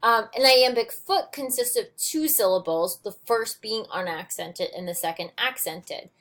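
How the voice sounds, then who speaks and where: A woman's voice: fairly high pitch, a little slow, a bit bright. A woman teaching a recorded lesson on poetic meter, explaining step by step with frequent ums and restarts. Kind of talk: recorded lecture on poetry notes.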